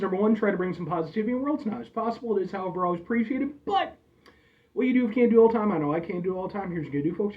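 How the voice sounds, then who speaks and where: A man's voice: high-pitched, far from the mic. A man hosting a casual review vlog, talking in a chatty, rambling way and calling his viewers folks. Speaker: host reviewing drinks. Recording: dull lo-fi audio, a bit off-mic.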